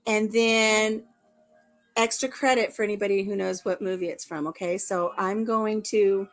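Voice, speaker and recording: A middle-aged woman hosts a casual live stream chat. She talks in a playful, rambling way and laughs often. Soft music plays quietly behind her. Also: mid-range voice. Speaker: livestream host.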